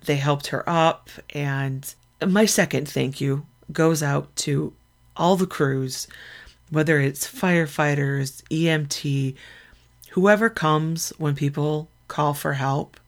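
A woman hosting her own podcast, telling stories in a chatty, animated way. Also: sits low, takes it slowly. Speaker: podcast host. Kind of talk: casual solo podcast chat.

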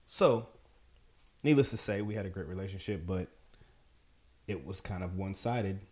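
Man, low voice, casual animated storyteller; emphatic, acts out the people he quotes. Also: moderate pace. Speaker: podcast storyteller.

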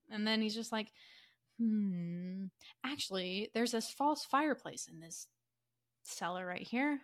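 A woman podcast co-host casually retelling a story, animated and full of fillers, acting out characters' lines in quick quoted voices. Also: mid-range voice. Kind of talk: casual chatty story summary.

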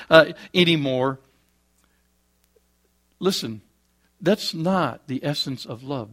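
A man preaching a sermon, swinging between loud, emphatic peaks and quiet, low asides, with homely jokes along the way.

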